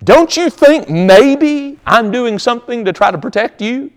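A man voicing an exasperated, loyal male donkey in a sermon story, in a shrill, pleading tone. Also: animated, a little slow. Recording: long hall reverb.

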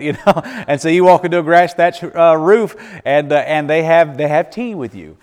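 Speaking at normal speed with hardly any pauses, a man with a higher, darkish voice addresses a church Q&A as a missionary speaker. He laughs often, restarts sentences, and mixes folksy stories with answers, his words echoing through a hall with long reverb.

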